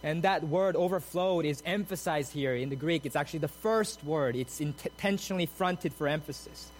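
A man preaching a sermon, moving from steady explanation of the text to emphatic, soaring repeated phrases. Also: on the high side, moderate pace, a little hiss or hum, low-quality recording. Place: church sanctuary.

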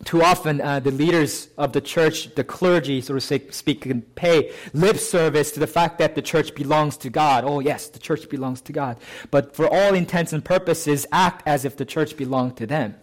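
A man preaching a sermon as pastor, in a conversational way, often asking "right?" and lifting and slowing his voice on key phrases. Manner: conversational, often adds "right?" to check with listeners; lifts pitch and slows to stress key phrases.

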